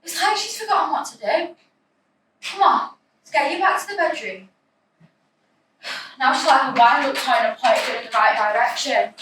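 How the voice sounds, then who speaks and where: A woman's voice: high-pitched, animated, moderate pace, pauses often, fairly bright tone. Anxious young woman, echoey and distant. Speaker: narrator. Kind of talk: first-person present-tense storytelling. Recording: echoey room, distant mic, faint noise.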